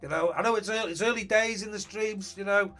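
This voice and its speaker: A man's voice: sits high, fast, fairly bright tone, faint music behind. A man chatting casually on a live stream, greeting viewers and thinking aloud about his team.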